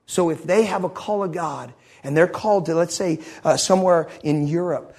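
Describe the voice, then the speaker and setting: A man's voice: fairly high pitch, normal speed, a little mellow, breathy edge. A man preaching a sermon, telling a story with great passion. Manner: impassioned storytelling.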